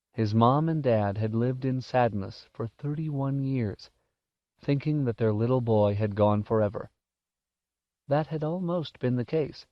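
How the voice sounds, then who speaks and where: Male audiobook narrator, measured and expressive, mid-pitched; dull dry cassette-era recording. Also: no room sound. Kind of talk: scripted narration.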